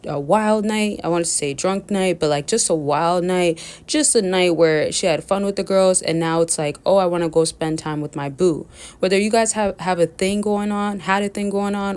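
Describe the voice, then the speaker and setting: A woman with a fairly low, unhurried voice gives casual relationship advice to men. She talks in a loose, rambling way, circling back to her points. She often turns to her viewers with y'all. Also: a little mellow. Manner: rambling, chatty, keeps addressing listeners as y'all. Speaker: dating coach.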